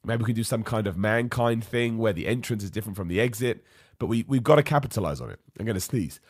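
A man runs a live wrestling podcast while ill, his voice half gone. He rants with strong opinions, his fairly low voice swooping up and down. The sound is dry and close. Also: quick pace, breathy edge, dry recording. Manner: opinionated, ranty, lively. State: ill, voice going. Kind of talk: live-streamed podcast rant.

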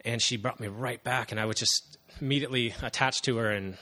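A man in his thirties giving an earnest, halting personal testimony to a congregation, with frequent pauses and fillers. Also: medium pitch, fairly even intonation, pushed and bright. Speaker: church member giving testimony.

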